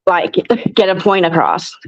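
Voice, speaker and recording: A woman's voice: fairly low pitch, a little slow. Frank woman guest, dull lo-fi sound. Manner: frank, insistent. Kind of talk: casual livestream chat.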